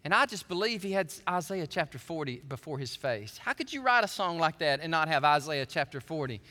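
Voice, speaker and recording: A male pastor with a high, bright and ringing voice delivers a sermon in a church, shifting from quiet reading to fervent, shouted appeals. His words carry a long reverb through the hall. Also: brisk, hardly any pauses. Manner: swings from calm reading to impassioned shouting, briefly singing. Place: church sanctuary.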